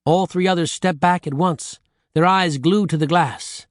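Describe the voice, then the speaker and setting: A man narrating an audiobook with lively storytelling on a close studio mic. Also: high-pitched, measured pace, no echo.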